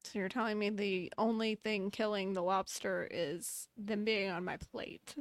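A woman co-hosting a casual chat, trading quick jokey asides. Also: mid-range voice, fairly even intonation, dry recording. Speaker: co-host.

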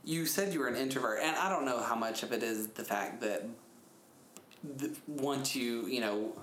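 A man in his thirties tells a story in a casual chat, animated and laughing often, his pitch jumping up whenever he retells something. The room is echoey, with faint background noise.

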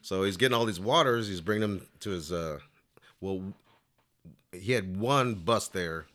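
Speaking without hurry, a flute player with a low, slightly bright voice wanders through a lengthy story in an easygoing interview. "You know" comes up again and again.

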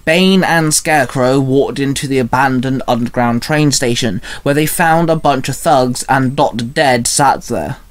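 Guy reading a fan fiction story out loud, plain steady voice. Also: mid-range voice, a little slow, hardly any pauses. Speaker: narrator. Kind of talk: scripted fan fiction narration.

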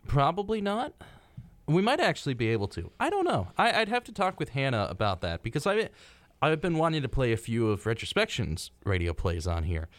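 A man's voice: mid-range voice, a little fast, no room sound. A young man co-hosting a college radio show, chatting casually with plenty of fillers. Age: young adult. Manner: relaxed, lively, chatty with fillers. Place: radio studio. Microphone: studio microphone.

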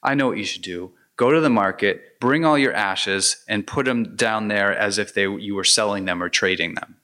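A man's voice: fairly low pitch, moderate pace, sharp tone. A man voicing a blunt friend who lectures matter-of-factly. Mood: lecturing. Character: blunt, knowing male friend.

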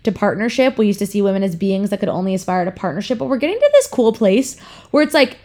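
A young woman talks straight to her listeners in a casual monologue. She is frank and swears freely, but her tone stays earnest and encouraging, like a heartfelt pep talk. Her voice sits at an ordinary middle pitch. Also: very animated, quick pace, a little mellow. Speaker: podcast host, influencer.

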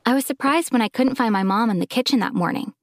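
A woman telling a first-person story in an expressive, dramatic scripted narration. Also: on the high side, fast, a little hiss or hum.

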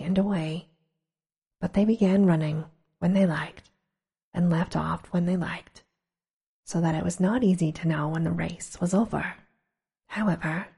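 A woman reading a storybook aloud in a hushed, slow whisper, as whispered role-play. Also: fairly low pitch, husky. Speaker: storybook reader.

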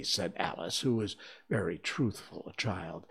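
A reader narrating a children's storybook in an expressive, lively way. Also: low-pitched, unhurried, vocal fry, husky. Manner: expressive, slipped once on a word.

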